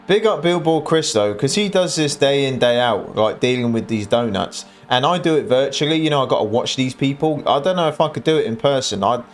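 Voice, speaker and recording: A man's voice: mid-range voice, animated, fairly quick, hardly any pauses, faint music behind. A man hosting a reaction channel, talking over clips in an exasperated, mocking tone.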